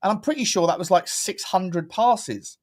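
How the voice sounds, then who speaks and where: A man, co-hosting a casual football podcast, talking fast and animatedly with lots of fillers. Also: sits high. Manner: quick, animated, loose filler-heavy talk. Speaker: co-host.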